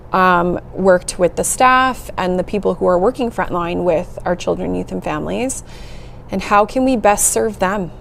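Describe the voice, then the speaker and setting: A middle-aged woman speaks as an interview guest at a mid-range pitch, earnest and heartfelt as she tells her story. Soft laughs slip in now and then. A faint hiss of noise sits under her voice. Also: creaky. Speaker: executive director, interview guest. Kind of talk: conversational interview.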